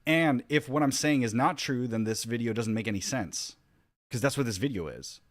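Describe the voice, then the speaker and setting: A man's voice: medium pitch, expressive, normal speed, no room sound, clean studio sound. A man giving casual reaction commentary, rambling and restarting his sentences as he thinks aloud. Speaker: YouTube commentator.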